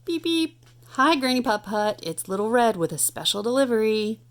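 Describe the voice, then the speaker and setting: A small, eager scooter boy, brave but a bit nervous, from a children's picture book. A woman reading aloud gives him a raised, bright voice. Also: on the high side, sing-song, moderate pace, voice pushed up.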